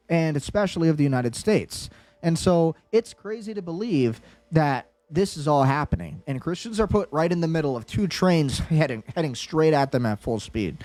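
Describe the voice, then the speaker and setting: A man's voice: fairly high pitch, darkish tone, no room sound. A man hosting a solo political commentary show, talking in an agitated, insistent way and repeating his phrases for emphasis.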